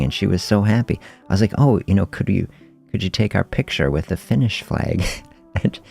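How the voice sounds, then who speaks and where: Telling a story on a laid-back livestream, this middle-aged fasting health podcast host sounds relaxed and reflective and chuckles often. His voice sits low and has a gravelly texture.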